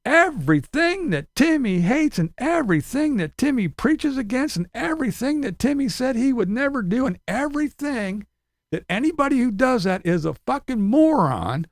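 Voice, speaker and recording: A man's voice: extremely high pitch, big pitch swings, moderate pace, dry recording, clean studio sound. A man ranting in profane, sarcastic commentary, laughing between his jabs. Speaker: commentary channel host.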